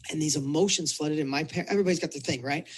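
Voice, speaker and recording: A middle-aged man, a coach, telling a personal story in a casual interview, animated and acting out the dialogue. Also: a little high, rapid-fire, breathy edge. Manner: animated storyteller, acts out dialogue, repeats words. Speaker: business and fitness coach telling his story.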